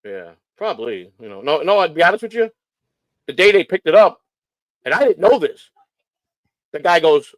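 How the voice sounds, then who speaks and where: A man from Chicago hosts a livestream, ranting bluntly and swearing freely as he tells his stories. His voice sits somewhat high, and the sound is close and dry. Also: normal speed, pauses often, no room sound, rough recording. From Chicago, United States. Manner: profane, blunt, animated ranting. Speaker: livestream host. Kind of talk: casual storytelling.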